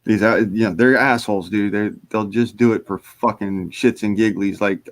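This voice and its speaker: A man's voice: on the low side, fairly even intonation, moderate pace, hardly any pauses, no room sound. A man hosting his live stream, laid-back and casually swearing. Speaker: streamer host. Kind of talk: casual chat.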